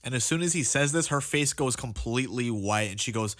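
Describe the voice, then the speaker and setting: A young man narrating a comedic storytime, animated and exaggerating for laughs. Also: mid-range voice, fairly quick. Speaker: storytime youtuber.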